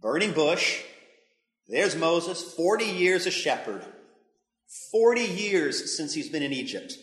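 A man's voice: on the high side, lively intonation, takes it slowly, fairly bright tone. A man preaching a sermon as pastor, conversational and emphatic, speaking in a church hall. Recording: echoey hall with long reverb.

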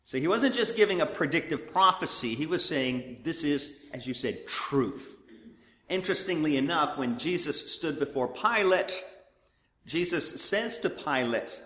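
Man, Bible teacher, animated delivery, lively pitch, slightly high voice, reverberant hall. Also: normal speed, a little hiss or hum. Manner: animated, conversational, with frequent restarts. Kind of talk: sermon-style Bible teaching. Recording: echoey hall.

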